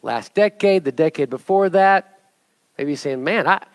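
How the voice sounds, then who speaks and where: A middle-aged man preaches to his church, walking the congregation through a hands-on object lesson. His voice sits high for a man, and he talks with a playful, joking energy that climbs into emphatic urging. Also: unhurried, no echo. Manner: animated, jokey, rising to emphatic exhortation. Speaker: pastor.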